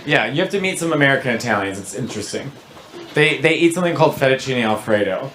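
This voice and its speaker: A man performing a stand-up comedy set, animated and teasing the audience. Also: mid-range voice, fast talker, very noisy. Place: comedy stage before live audience. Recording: live show with crowd laughter.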